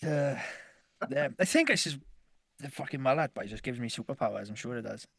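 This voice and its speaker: A man's voice: mid-range voice, animated, brisk, creaky, fairly bright tone, dry recording, clean studio sound. A man telling a rambling story on a casual podcast, swearing freely and laughing as he goes. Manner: rambling, swears constantly, laughs through stories. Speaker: podcast co-host.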